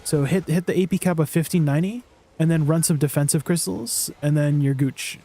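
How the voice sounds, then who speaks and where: A man's voice: on the high side, fairly quick, dark tone. A man chatting casually on a game live stream, answering viewers' questions and laughing at himself. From Canada.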